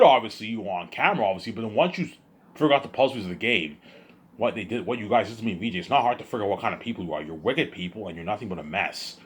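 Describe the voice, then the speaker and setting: A man's voice: deep voice, fast talker, breathy edge. A tired man vlogging to his viewers in a rambling monologue, repeating himself, stumbling over restarts and swearing.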